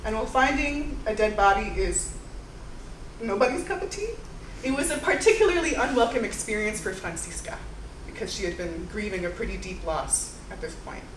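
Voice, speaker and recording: A young woman performing one-woman stage storytelling in a lively, casual way, often saying "like". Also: mid-range voice, normal speed, slight background noise. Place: theater stage. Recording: roomy live stage sound from far off.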